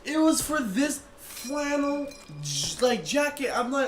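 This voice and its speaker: A young man telling a rambling storytime vlog and acting out people's lines in quick bursts. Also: very high voice, big pitch swings. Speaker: vlogger. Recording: echoey room, noisy ambience.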